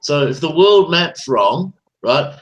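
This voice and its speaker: Male caller, slightly high voice, profane ranting talker. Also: expressive, takes it slowly, dull audio. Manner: ranting, profane, repeats "right?". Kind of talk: casual chat.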